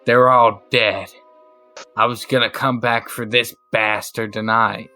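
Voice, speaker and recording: Man playing a spiteful captured thug, defiant, bright-edged delivery. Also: lowish voice, flat delivery, a little slow, faint music behind. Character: male captor, sneering and defiant.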